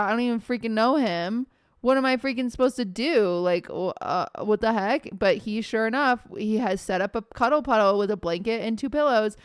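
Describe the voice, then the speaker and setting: A young woman streamer telling a story casually, animated, acting out quotes and swearing often. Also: mid-range voice, clean tone, dry recording, clean studio sound.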